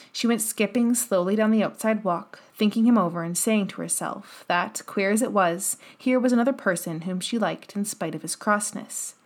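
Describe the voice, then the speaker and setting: A woman narrating a classic children's novel in an even storytelling manner. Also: medium pitch. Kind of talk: audiobook narration.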